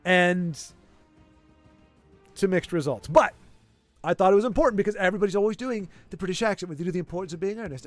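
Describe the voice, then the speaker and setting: A man's voice: high voice, quick pace, long pauses, soft background music. A man chatting casually with his livestream audience, rambling and playfully arguing, with many restarts. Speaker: streamer.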